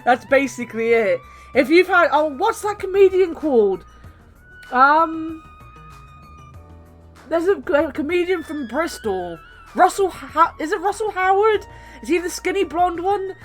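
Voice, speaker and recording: A woman's voice: very high voice, lively intonation, unhurried, long pauses, faint music behind. A young woman from the West Country with a mild British accent, rambling and laughing as she chats with her stream viewers. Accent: mild British, light West Country. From West Country, England. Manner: rambling, chatty, laughs often. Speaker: game streamer. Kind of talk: casual chat with stream viewers.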